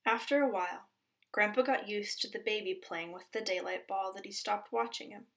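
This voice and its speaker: A woman from the Pacific Northwest coast, a teacher, reading a storybook aloud in a gentle, expressive way and sometimes dropping to a soft whisper. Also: medium pitch, moderate pace.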